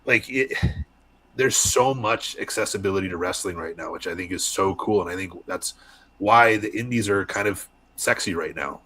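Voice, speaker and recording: A young man from Arizona, a wrestler, chatting candidly as a podcast guest and telling lively stories. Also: low-pitched, breathy edge. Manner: candid storyteller, animated voices in anecdotes. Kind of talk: casual podcast interview.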